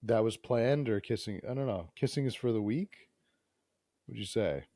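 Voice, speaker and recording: A man's voice: lowish voice, expressive, moderate pace, warm tone, no room sound, clean studio sound. Playful man reading a dating game. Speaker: podcast host.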